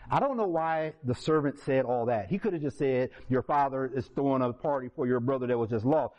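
A man's voice: a little fast, hardly any pauses. A man preaching a sermon, telling a story and acting out its characters in a raised voice. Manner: animated, acts out characters in higher voice. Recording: dull lo-fi sound.

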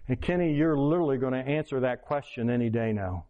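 A man, a pastor, preaching a sermon by retelling a personal story with quoted dialogue. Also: quick pace. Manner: animated retelling with quoted dialogue, pitch rising in excitement. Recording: lo-fi, dull sound.

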